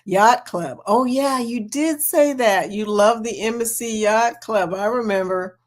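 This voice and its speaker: A middle-aged woman with a slightly high voice and a measured pace hosts a laid-back livestream. She reads the chat and talks animatedly with viewers, laughing often and calling them "girl" and "y'all."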